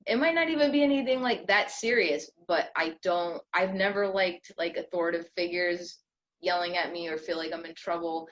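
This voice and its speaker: A woman's voice: on the low side, moderate pace. A young adult woman co-hosting a podcast in casual chat, rambling with lots of fillers and restarts. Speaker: podcast co-host. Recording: slightly dull lo-fi audio with faint noise.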